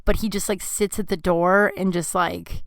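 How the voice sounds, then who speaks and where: A woman's voice: fairly low pitch, steady tone, moderate pace, creaky, dry recording, clean studio sound. A woman in her thirties hosting a podcast, telling a rambling, candid story in casual chat and acting out the voices of people in it. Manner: candid, rambling, swears freely, acts out quotes. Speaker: podcast host.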